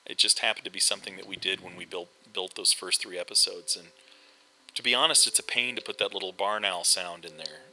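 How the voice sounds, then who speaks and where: A middle-aged man speaking a little fast in a low, pushed, bright voice hosts casual game commentary. He rambles over the gameplay with many fillers and restarts, and the recording is rough.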